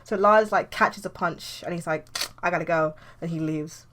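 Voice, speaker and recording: A young woman comic artist talks through her planning in a casual, rambling way, peppered with "like". Her voice sits a little low for a woman. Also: moderate pace, fairly bright tone, slight background noise. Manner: chatty, loose, with frequent "like". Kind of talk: casual tutorial vlog.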